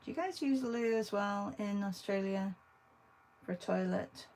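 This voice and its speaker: Host: chatty woman art teacher, unhurried delivery, a bit of vocal fry, talks to viewers while she draws. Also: medium pitch, darkish tone, a little hiss or hum, poor audio. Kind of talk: casual livestream drawing demo.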